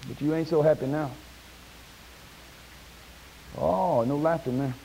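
A preacher man delivering a folksy sermon from the pulpit, his fairly high voice swinging up into loud, shouted peaks. There is a faint hiss under the recording. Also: unhurried, gravelly, rough recording. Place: church sanctuary.

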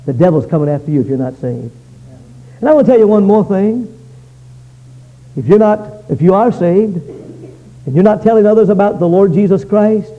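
A man preaching a fiery revival sermon, swinging between loud pleading and low, intense warnings. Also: phone-quality sound.

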